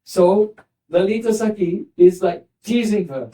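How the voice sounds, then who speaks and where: A man teaching as a spiritual teacher, gently retelling and explaining a scripture story. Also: sits high, measured pace. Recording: voice distant from the mic.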